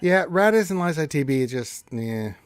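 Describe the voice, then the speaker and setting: A man co-hosting a game live stream, easygoing and quick to agree with his partner. His talk is loose, relaxed banter in a mid-range voice, recorded close and dry. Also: on the high side, clear, resonant tone, no room sound. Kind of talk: casual chat.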